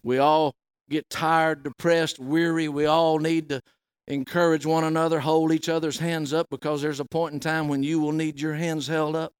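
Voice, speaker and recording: A man's voice: fairly high pitch, little pitch movement, normal speed, smooth, dry recording, studio quality. Folksy preacher man reading scripture. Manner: folksy, rises loud on quoted words.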